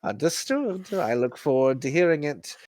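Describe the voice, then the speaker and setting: A man's voice: on the high side, expressive, normal speed, darkish tone, lightly acted. A man voicing a flirtatious woman shopkeeper with a teasing, coy manner.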